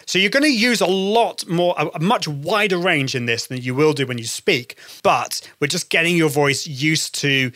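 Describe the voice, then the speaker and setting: A man hosting a podcast episode as a voice coach, talking listeners through warm-up exercises in an encouraging, demonstrative way. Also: normal speed, hardly any pauses, dry recording, clean studio sound. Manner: encouraging, demonstrative, shifts pitch for examples. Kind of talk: instructional podcast talk.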